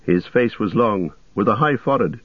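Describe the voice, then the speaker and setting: A male narrator reads a fantasy story in a measured, even manner. His voice is low and dry, and the recording sounds dull and lo-fi. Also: slightly rough, no room sound. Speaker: audiobook narrator. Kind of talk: scripted narration.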